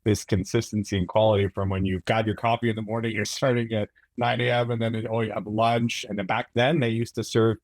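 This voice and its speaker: A man with a low voice, talking as a guest on a podcast. He agrees readily and explains things at length, padding his speech with fillers and restarts. The recording is dry and close. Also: flat delivery, fairly quick, few pauses, no room sound. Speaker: camera product manager guest. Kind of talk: casual interview chat.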